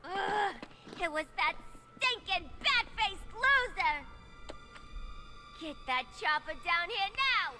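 Squeaky bouncy gang-boss girl, mocking, all over the place. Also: lively intonation, slow pace, heavily acted. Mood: furious. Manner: mocking, sing-song, shrill when barking orders. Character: manic playful female villain, taunting gang boss. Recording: game audio over loud music.

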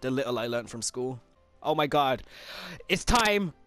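A young man giving let's play commentary, frustrated and swearing, yelling at the game. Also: mid-range voice, animated, measured pace, faint music behind. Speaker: gameplay commentator.

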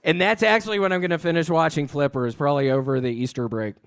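A man, a comedian guest on a live stage, bantering in an absurd way, swearing often and bursting into sudden shouts. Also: a little high, steady tone, fast, clean tone. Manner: swears a lot and breaks into sudden loud shouting. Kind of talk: absurd deadpan stand-up banter.

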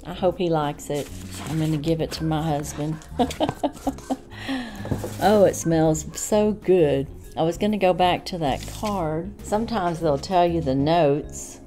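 A woman with a Southern accent chatting enthusiastically through an unboxing review in a homey way. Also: low voice. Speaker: unboxing vlogger. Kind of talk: casual product review.

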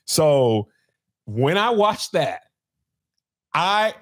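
A man's voice: a little high, drawn-out words. A man hosting a podcast, telling a story in casual chat and acting out the quotes. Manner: animated storyteller, acts out quotes. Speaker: podcast host.

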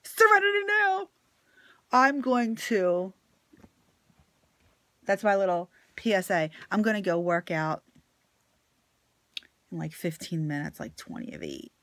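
A woman's voice: on the low side, sing-song, unhurried, long pauses, dry recording. Fed-up woman ranting, dry close sound. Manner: angry, blunt, swears often, swings from loud to quiet. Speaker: vlogger. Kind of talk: profane ranting monologue to camera.

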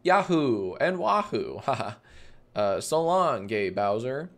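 A man putting on a deliberately lame impression of a cheery male cartoon plumber hero, with mock Italian catchphrases. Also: mid-range voice, big pitch swings. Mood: goofy.

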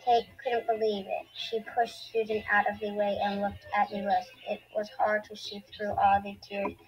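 A woman's voice: medium pitch, monotone, moderate pace, low-quality recording. A woman reading a children's chapter book aloud, stumbling and restarting now and then, with a few stray asides. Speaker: reader.

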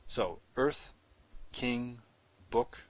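A man's voice: mid-range voice, drawn-out words, highs cut off. A man teaching a recorded Hebrew grammar lesson, explaining step by step as he writes on the screen.

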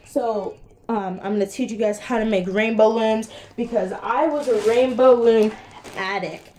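A woman's voice: on the high side, steady tone, measured pace, darkish tone, slight background noise. Chatty young woman vlogging. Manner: chatty, rambling, with many fillers. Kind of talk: casual vlog chat.

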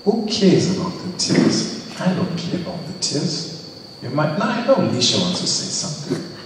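A man preaching a lively church sermon, exclaiming and teasing his congregation. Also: a little high, moderate pace. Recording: echoey hall, distant mic, faint hiss.

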